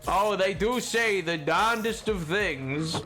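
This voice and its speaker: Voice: mid-range voice, takes it slowly, over music. A streamer chatting casually while gaming, playful and rambling, joking with old-timey slang and fancy words. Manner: laughs often, rambles.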